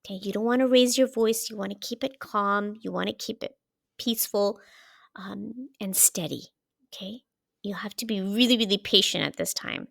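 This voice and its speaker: A woman giving parenting advice as a coach, in a calm coaching delivery that keeps checking in with "okay?". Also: mid-range voice, normal speed, gravelly, dry recording, studio quality. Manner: checks in often with "okay?" and "right?". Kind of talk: explaining parenting advice to camera.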